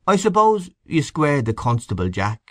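A man's voice: fairly high pitch, very animated, normal speed, no echo, studio quality, pitched above the performer's own voice. A man reading an audiobook and voicing an eager middle-aged man keen to join the talk.

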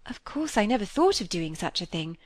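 A woman reading a classic novel aloud, voicing an earnest, gentle, truthful young girl who speaks gravely and simply. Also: medium pitch, very animated, brisk, no room sound.

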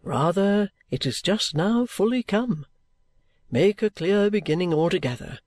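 Man reading as a gentle old guardian, earnest and fatherly, high for a man, dry close sound. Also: lively intonation, dry recording. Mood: cordial. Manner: cordial, measured, fatherly. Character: kindly older male guardian, gentle and earnest. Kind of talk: audiobook reading of a classic novel.

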